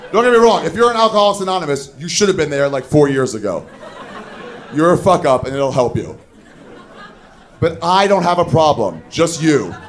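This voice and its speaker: A thirtysomething comic does a foul-mouthed stand-up routine at a club, skewering people through rapid impressions, his voice pitched on the high side.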